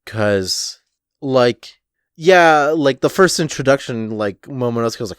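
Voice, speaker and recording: A man co-hosting a podcast in casual chat, relaxed and halting with many fillers. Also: medium pitch, smooth, dry recording, clean studio sound. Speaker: podcast co-host.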